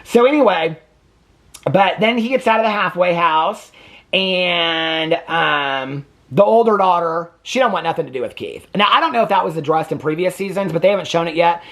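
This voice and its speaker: A man's voice: sits high, expressive, moderate pace, fairly bright tone. A man hosting a reality TV reaction channel, recapping episodes in a sassy, gossipy, chatty way and often asking viewers "okay?". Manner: addresses viewers with repeated "okay?". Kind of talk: casual reaction commentary. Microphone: camera on a tripod.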